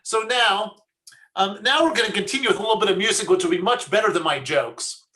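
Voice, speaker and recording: Bright-voiced, high-pitched rabbi on a video call. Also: male voice, a little fast. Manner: chatty, jokey, tells corny puns. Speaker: rabbi leading a service. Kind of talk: casual online service hosting.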